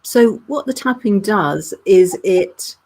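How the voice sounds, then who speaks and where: A woman, a weight-loss coach calmly explaining her methods as a guest. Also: medium pitch, takes it slowly, creaky, breathy edge. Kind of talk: interview answers.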